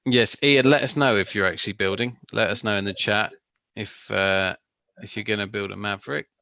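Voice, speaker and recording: A man's voice: lowish voice, steady tone, fairly quick, vocal fry, sharp tone, no room sound, dull audio. A man hosting a live build-along stream, chatty and greeting viewers as they join. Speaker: stream host and co-presenter. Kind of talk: casual live-stream chat.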